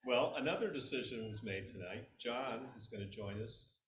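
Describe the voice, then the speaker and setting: A man hosting a storytelling evening, introducing the next teller in a relaxed way. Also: mid-range voice, normal speed. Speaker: event host. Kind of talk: live introduction. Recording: echoey room with faint noise.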